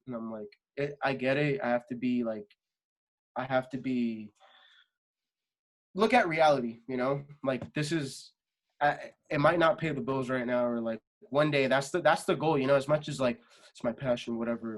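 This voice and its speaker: A young adult man, a singer guest on a podcast, talking casually and rambling with lots of fillers and swearing. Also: medium pitch. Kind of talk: casual interview chat.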